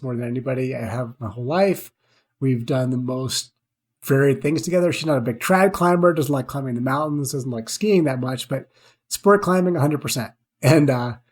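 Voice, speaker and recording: A middle-aged man, a veteran climber and podcast guest, telling stories in a casual, rambling way, often laughing and filling with "you know" and "like". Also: medium pitch. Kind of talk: casual storytelling.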